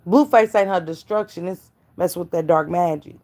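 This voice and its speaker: A woman's voice: on the low side, moderate pace, a little mellow. A woman giving blunt, profane gossip commentary to her live stream chat, preaching and calling out viewers by name.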